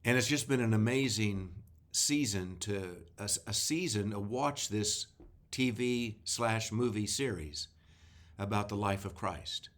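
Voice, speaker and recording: Man, pastor, devotional talk; low voice, very unhurried, deliberate emphasis. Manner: slow, deliberate reading with emphasis. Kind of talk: devotional talk with scripture reading.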